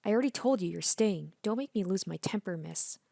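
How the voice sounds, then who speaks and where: A woman's voice: mid-range voice, lively intonation, brisk, creaky, dark tone, dry recording, clean studio sound. A woman reading aloud the lines of a possessive, imperious young princess girl from a game. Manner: bossy, indignant reading.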